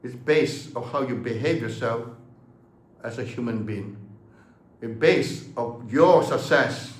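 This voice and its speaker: A man's voice: medium pitch, slow pace, echoey room. A man in his seventies, a martial arts teacher talking passionately to the camera, emphatic and fond of rhetorical questions. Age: 70s.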